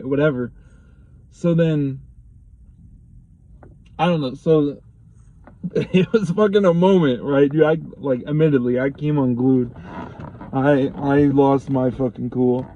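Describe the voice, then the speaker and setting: A young man casually telling a personal story to the camera, profane and rambling, getting animated when he quotes people. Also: mid-range voice, unhurried, pauses often, dull audio. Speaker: vlogger.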